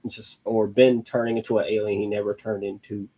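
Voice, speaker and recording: A man's voice: fairly low pitch, little pitch movement, fairly quick, background noise. A young man hosting a live online show, chatting casually in a rambling way with frequent restarts and laughs. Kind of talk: casual live-stream chat.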